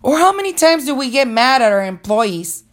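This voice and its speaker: A woman's voice: sits high, sing-song, normal speed. A woman narrating a personal story in an earnest, reflective way, as a motivational speaker.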